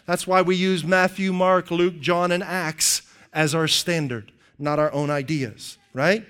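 Middle-aged pastor guy preaching, fairly high voice, chatty, keeps asking the room right?. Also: moderate pace, few pauses, clear, resonant tone. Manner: conversational, animated preaching with rhetorical questions. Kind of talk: sermon.

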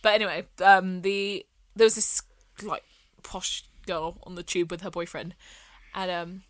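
A young woman, co-hosting a casual chat and telling a story in an animated way, acting out the people in it. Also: lowish voice, unhurried, dry recording. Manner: animated storyteller, acts out quoted voices, laughs often. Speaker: podcast co-host.

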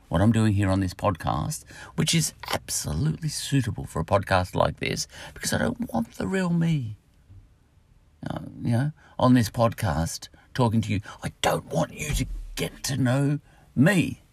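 A man's voice: medium pitch, big pitch swings, moderate pace, gravelly, slightly rough, dry recording. A man with an Australian accent, rambling through a solo podcast monologue, full of fillers and asides. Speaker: podcast host.

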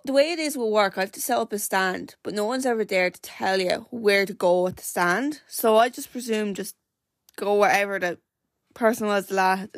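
A woman's voice: mid-range voice, no room sound, studio quality. Chatty Irish woman telling a story. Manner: rambling, full of "like" and self-corrections. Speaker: podcast host.

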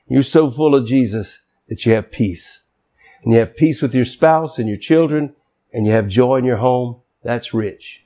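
A man's voice: mid-range voice, normal speed, warm tone. A man preaching a sermon as pastor, emphatic and folksy, with casual, colloquial asides.

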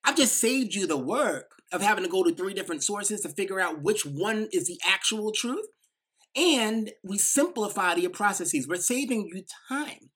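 A woman with a New York accent giving a motivational talk, quick and emphatic, with many "like" fillers. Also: mid-range voice, lively intonation, a bit bright, husky. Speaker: speaker.

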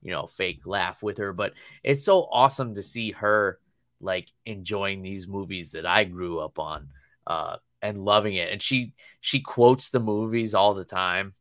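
A low, slightly bright male voice, a little slow, comes through with clean studio sound and no room echo. He's a podcast co-host in his thirties, chatting casually, telling long meandering stories, and laughing frequently.

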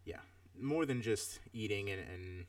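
A podcast co-host in his thirties, with a fairly low voice and a measured pace, chats casually while reviewing a film. He sounds reflective and rambling, using many fillers. The recording has no echo, and the mic sits at a distance.

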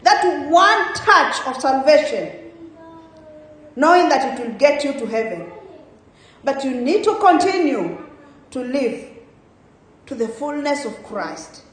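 A woman preaching a sermon in a church, asking rhetorical questions with emphatic rises and soft trailing endings. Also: high-pitched, sing-song, slow pace, long pauses. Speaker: guest preacher. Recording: very echoey church hall.

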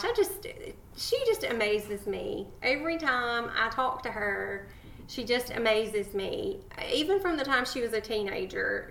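A woman's voice: a little high, fairly bright tone, reverberant, slight background noise. A woman co-hosting a faith podcast, talking earnestly and affectionately about past guests. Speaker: podcast co-host. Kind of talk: casual faith podcast chat.

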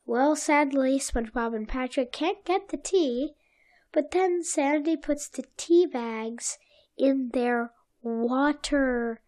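A woman's voice: high-pitched, slow, darkish tone. A woman co-hosting a podcast, recounting a cartoon episode in blunt, offhand bits during casual chat. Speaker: podcast co-host.

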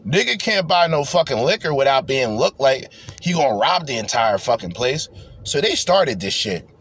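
A man hosting a podcast, ranting profanely as he reacts to video clips in bursts of loud, rambling talk. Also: medium pitch, sing-song, moderate pace, husky. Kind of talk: profane reaction commentary rant.

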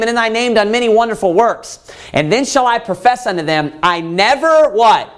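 Reading scripture at a normal speed, a man preaches in a high, animated voice with big pitch swings. Rhetorical questions keep coming at his listeners, and his voice climbs when he voices the pleading brothers.

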